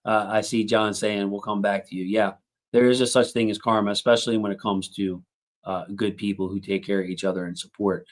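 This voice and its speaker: A man's voice: fairly low pitch, steady tone, a little fast. A man in his thirties hosting a casual sports livestream, rambling through thanks to his chat with lots of fillers.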